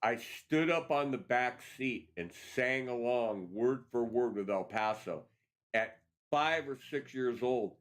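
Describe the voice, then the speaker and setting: Male host, mid-pitch, animated storyteller, casual and profane. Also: slow pace. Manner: animated storyteller, swears freely. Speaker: show host. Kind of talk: casual chat.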